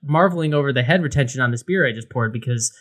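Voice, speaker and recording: A man's voice: mid-range voice, quick pace, a bit bright. A man co-hosting a beer podcast, talking casually with lots of fillers and restarts. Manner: rambling, many fillers and restarts. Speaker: podcast co-host. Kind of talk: casual beer review chat.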